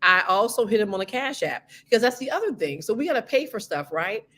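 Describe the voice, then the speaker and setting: Animated, lively-voiced woman telling stories. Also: mid-range voice, fast. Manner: animated, playful storyteller. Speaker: guest. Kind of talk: casual storytelling chat.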